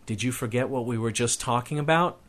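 A man's voice: mid-range voice, brisk, a bit bright, natural voice. A man reading aloud and voicing a tired mother who scolds her son firmly but lovingly. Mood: stern. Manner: firm, scolding, tender underneath.

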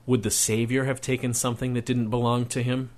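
A man's voice: mid-range voice, flat delivery, brisk, a little mellow, lightly acted. A man reading aloud and voicing a tired mother who scolds her son firmly but lovingly. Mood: stern. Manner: firm, scolding, tender underneath.

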